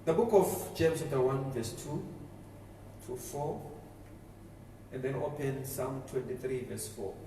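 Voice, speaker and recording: A man's voice: medium pitch, measured pace, long pauses, mellow. A pastor preaching a sermon, emphatic and call-and-response, repeating key phrases for his congregation. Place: large church hall. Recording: echoey hall from far off, faint room noise.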